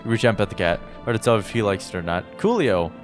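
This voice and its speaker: A man's voice: on the low side, expressive, fast talker. A man giving casual, jokey commentary while playing a game and thinking aloud. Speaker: gameplay streamer. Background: game music.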